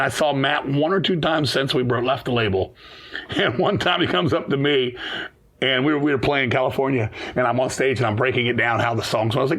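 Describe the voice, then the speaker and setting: A man's voice: mid-range voice, slightly rough. A man guest on a podcast, telling a long profane story in a casual interview and acting out the other people's lines. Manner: profane, rapid, animated storytelling, acting out quoted dialogue. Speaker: guest musician.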